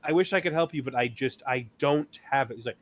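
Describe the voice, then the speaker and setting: A man in a relaxed podcast chat, spinning long stories about customers. He acts out the back-and-forth himself in an ordinary, mid-pitched voice. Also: fast talker, dry recording. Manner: storytelling, acting out customers and himself. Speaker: podcast co-host. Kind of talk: casual chat.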